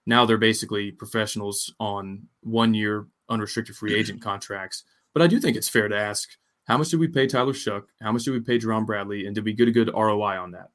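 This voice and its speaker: A man co-hosting a sports podcast, talking in a measured way and asking probing questions in casual chat. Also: fairly low pitch, fairly even intonation, fairly bright tone. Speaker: podcast co-host.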